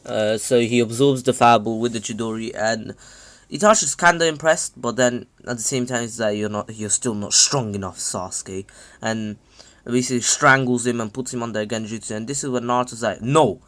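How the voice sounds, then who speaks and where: A man's voice: medium pitch, steady tone, a little fast, a bit bright. A man casually recapping a fan story, hesitant, with many fillers and self-corrections. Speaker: channel host.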